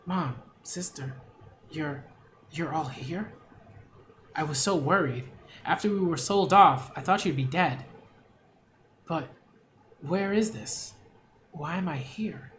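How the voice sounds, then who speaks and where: A man voicing a frail, dazed young escaped slave who speaks in a hushed, bewildered way in a comic book read-aloud. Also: on the high side, slow, long pauses, a little hiss or hum.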